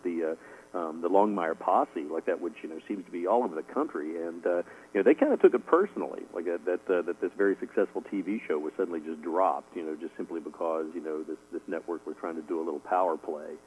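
Fast-talking deep husky man. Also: a little mellow, rough recording. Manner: rambling, lots of "you know" and "like that" fillers, chuckles often. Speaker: author guest. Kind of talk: casual radio interview answers.

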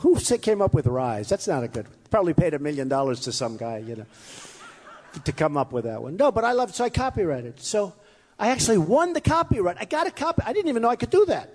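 A man's voice: high voice, big pitch swings, quick pace, darkish tone, husky. A man giving a rambling, boastful campaign speech at an event, often repeating himself. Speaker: candidate speaking at a campaign event. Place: large hall with a crowd. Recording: long hall reverb.

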